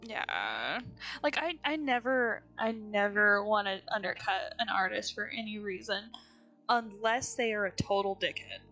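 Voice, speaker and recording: A woman's voice: mid-range voice, animated, a little slow, sharp tone, soft background music. A woman artist chatting casually with a friend while drawing, laughing often and speaking bluntly with some swearing. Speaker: artist streamer.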